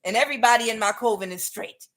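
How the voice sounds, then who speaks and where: A woman's voice: a little high, fast talker, a bit bright, natural voice. Woman putting on a brash scolding foreign man. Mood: boastful. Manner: mocking, exaggerated put-on accent.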